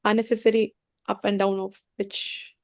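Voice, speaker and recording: A woman's voice: mid-range voice, level tone, moderate pace, dry recording. Woman trainee, hesitant answer over a video call, dry sound. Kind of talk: answering in an online class.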